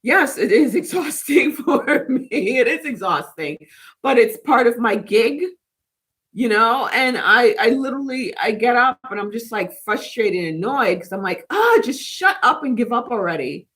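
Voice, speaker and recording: A woman's voice: fairly high pitch, expressive, a little slow, a bit bright. Chatty woman hosting a spiritual livestream. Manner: rambling, chatty, reads and answers live comments. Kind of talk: casual live chat with viewers.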